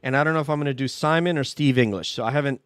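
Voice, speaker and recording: A man's voice: medium pitch, racing, smooth, no echo. A man hosting a casual podcast chat, joking and teasing his co-host and laughing often.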